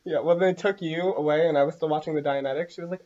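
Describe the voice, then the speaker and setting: A woman's voice: low-pitched, fast talker. A young woman co-hosting a podcast, telling stories in casual chat and laughing often. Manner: animated, laughing often, storytelling. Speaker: podcast co-host. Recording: dull lo-fi recording.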